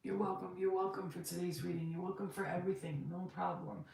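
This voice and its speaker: A woman's voice: on the low side, fairly even intonation, fast, vocal fry, a little mellow. A woman giving a casual spiritual reading, emotional and emphatic, swearing freely as she talks. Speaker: tarot card reader. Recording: very echoey room, mic far off, noisy.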